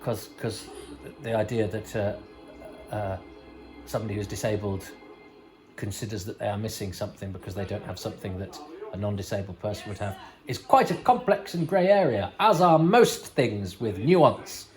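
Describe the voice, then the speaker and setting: A man's voice: on the low side, moderate pace, over music, poor audio. Chatty rambling man. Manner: rambling, chatty, self-correcting, wry asides. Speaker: podcast host. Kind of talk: casual commentary over a TV episode.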